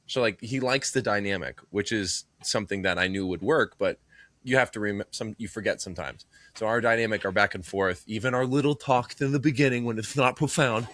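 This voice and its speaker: Dry, low-voiced joking male podcast co-host. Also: brisk, no echo. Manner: joking, animated storyteller. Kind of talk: casual chat. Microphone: earbud in one ear.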